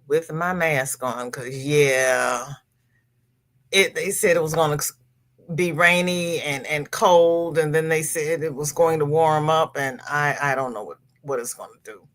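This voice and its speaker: Slow-talking bright-voiced woman host. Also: low-pitched. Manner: chatty, sympathetic, greets viewers by name. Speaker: crochet livestream host. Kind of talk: casual live-stream chat reading viewer comments.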